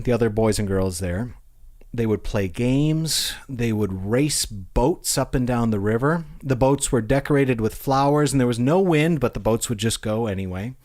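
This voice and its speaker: A man with a mid-range voice, telling stories on a podcast. He is casual and amused, and slips into the voices of the people in his stories. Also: mid-range voice. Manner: animated, amused, acts out quotes. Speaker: podcast host. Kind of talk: casual storytelling.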